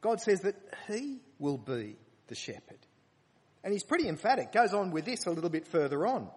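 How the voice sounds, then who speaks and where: A man's voice: high voice, sing-song, normal speed, a little mellow, husky. A man preaching a sermon, earnest and emphatic when he reads scripture aloud. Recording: long reverb of a large hall.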